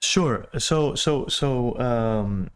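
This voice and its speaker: A man talking alone in a casual, unscripted vent, his voice sitting at an ordinary middle pitch. He sounds agitated and exasperated, swears freely and keeps stumbling over restarts as he tries to get his point out. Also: extremely slow, smooth. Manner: agitated, profane, exasperated rant with many restarts. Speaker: podcaster venting. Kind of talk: casual monologue venting.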